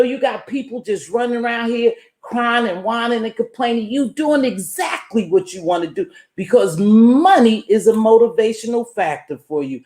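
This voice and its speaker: A woman's voice: sits low, a little mellow. Woman streamer, emphatic preachy pep talk, greets her chat, roomy echo. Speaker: livestream host. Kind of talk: casual motivational livestream talk.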